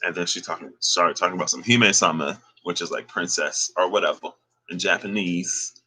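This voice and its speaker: Man, deep voice, crisp bright edge, casual storytelling, laid-back slang. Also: a little fast. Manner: relaxed, chuckling, slangy. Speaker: dream recounter.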